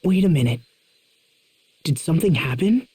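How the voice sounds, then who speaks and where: Earnest young male knight, a woman doing the voice, husky and warm, dry close studio read. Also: low voice, expressive, normal speed, dry recording, full character voice. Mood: stunned. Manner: urgent, disbelieving questions. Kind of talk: game cutscene dub.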